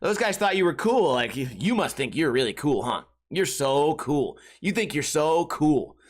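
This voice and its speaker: A woman's voice: sits low, big pitch swings, normal speed. A man mimicking a rude, mocking young woman. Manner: mocking, defiant, condescending. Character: rude belligerent young woman, a bad date.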